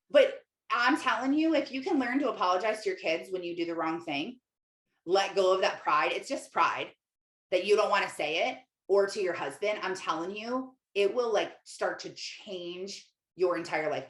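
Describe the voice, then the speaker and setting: A woman's voice: mid-range voice, normal speed, a bit bright. Chatty woman coach in an echoey room. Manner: candid, chatty, full of "like" fillers. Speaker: Christian life coach and podcast host. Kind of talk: casual podcast monologue.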